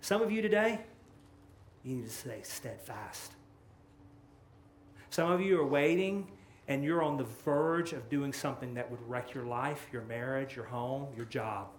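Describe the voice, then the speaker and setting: A man preaching a sermon as pastor, impassioned and swinging from loud, rising lines to hushed, low ones. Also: lively intonation, a little slow, a little hiss or hum. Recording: echoey room with faint ambience.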